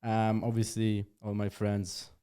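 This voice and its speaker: A man's voice: lowish voice, monotone, unhurried, mellow, smooth. A man hosting a podcast who talks casually and hesitantly, with lots of "um" and frequent laughter. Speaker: podcast host.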